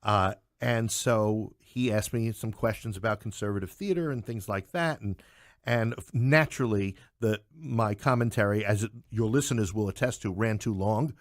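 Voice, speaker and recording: Chatty low-voiced American man. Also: moderate pace, no room sound, clean studio sound. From New York. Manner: chatty storyteller who acts out quoted voices. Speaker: playwright and theater producer. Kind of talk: casual interview chat.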